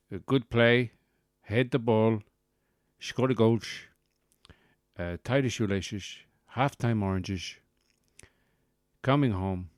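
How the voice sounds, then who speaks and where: A man's voice: on the low side, darkish tone, clear, resonant tone, no room sound, studio quality, natural voice. A man doing a mock Dutch-accented football manager. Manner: rambling list of football clichés, broken English.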